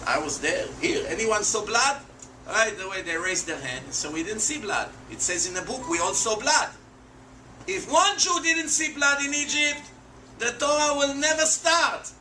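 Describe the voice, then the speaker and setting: A man with a high, bright, ringing voice explains religious teaching to his stream, firing off rhetorical questions and pressing his points hard. His English has non-native phrasing. He sits back from the mic in an echoey room with a faint hum of noise behind him. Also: expressive, normal speed, recorded from a distance. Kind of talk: animated religious explanation to a chat.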